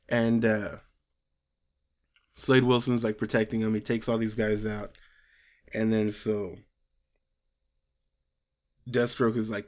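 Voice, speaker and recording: A man's voice: lowish voice, flat delivery, slow, long pauses. Rambling casual man with dull lo-fi sound. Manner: rambling, filler-heavy, quotes characters loosely. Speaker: comic book reviewer. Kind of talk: casual story recap.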